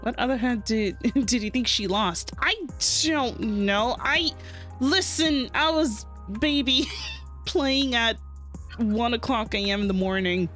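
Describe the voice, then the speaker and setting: A woman streamer chatting through a game in a giggly, playful way. She talks slowly with a high, bright voice that swings animatedly in pitch. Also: expressive, faint music behind. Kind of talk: casual game-reaction chat.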